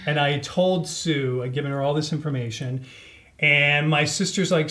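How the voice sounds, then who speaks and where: Guy telling a story on a podcast, voice a bit high, acts out the other people's lines. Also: moderate pace. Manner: animated, acts out quoted voices. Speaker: podcast guest. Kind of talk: casual storytelling.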